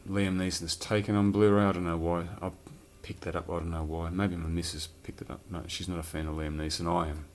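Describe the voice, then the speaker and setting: A man's voice: deep voice, little pitch movement, brisk, hardly any pauses, darkish tone, slight background noise. A man chatting casually and rambling about his film collection, swearing now and then. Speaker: collector showing his films. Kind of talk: casual chat.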